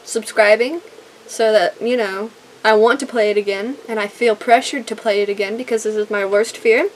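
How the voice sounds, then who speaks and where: A woman's voice: mid-range voice, steady tone, moderate pace, a little hiss or hum. A young woman playing a horror game on her channel, nervous and scared, repeating herself with shaky laughs, saying she feels lightheaded. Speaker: gaming YouTuber. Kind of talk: let's play commentary.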